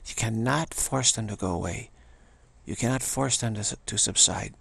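An older man with a gravelly, husky voice gives a meditative spiritual teaching, speaking haltingly with frequent restarts and pauses. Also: fairly low pitch, a bit bright, no room sound.

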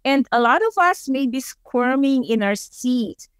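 A woman's voice: sits high, expressive, unhurried, clean tone, dry recording. A woman with a Filipino accent giving a webinar presentation, telling stories and leading the audience in call-and-response syllables. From Philippines.

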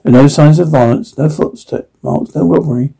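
A man reading a classic story aloud in the first person, with frequent halting restarts. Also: a little high, vocal fry, dark tone, breathy edge, poor audio. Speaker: audiobook reader.

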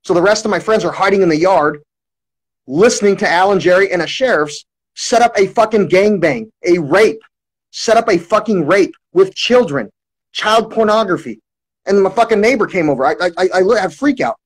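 A man's voice: sits high, fairly quick, rough recording. A man talking to his livestream viewers in a long, rambling monologue, full of restarts and swearing. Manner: repetitive restarts, heavy swearing.

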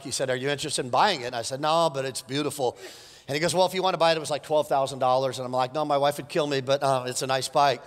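A man's voice: medium pitch, long reverb tail. A man preaching a sermon as pastor, moving from a casual story to fervent exhortation. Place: large church hall.

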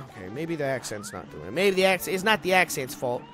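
High-voiced joking gamer man. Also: big pitch swings, fairly quick, hardly any pauses, faint music behind. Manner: jokey, rambling, sudden loud outbursts at failures. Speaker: let's play host. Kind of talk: casual gameplay commentary.

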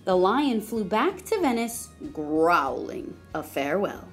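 A woman reads a children's picture book aloud, slowly and with a lively, rising and falling voice. Her pitch sits a little high. Faint music plays underneath. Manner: slow, expressive reading. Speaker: storybook reader. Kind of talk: children's story read aloud.

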